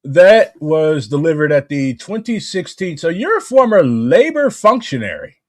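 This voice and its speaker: Lively American man hosting. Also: a little high, moderate pace. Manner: hesitant, filler-heavy. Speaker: host. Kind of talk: casual chat.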